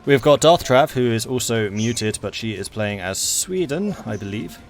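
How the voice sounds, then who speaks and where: A man's voice: mid-range voice, expressive, moderate pace. A man hosting and commentating a multiplayer strategy game stream in a chatty, enthusiastic way. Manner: chatty, enthusiastic, laughs easily. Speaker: game match commentator and host.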